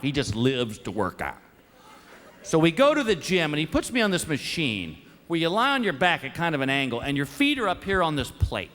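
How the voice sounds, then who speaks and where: A middle-aged man doing stand-up comedy, an animated, self-mocking storyteller on stage before a live audience. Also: fairly high pitch, big-room sound. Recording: live show with crowd laughter and noise.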